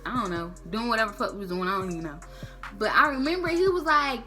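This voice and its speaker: A woman tells a casual storytime to camera, loud with slang and swearing. Her voice sits high and sounds bright and forceful, and her pitch jumps wide as she acts out everyone in the story. Soft music plays underneath. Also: normal speed. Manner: slangy, profane, animated, acts out quotes. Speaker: storytime vlogger.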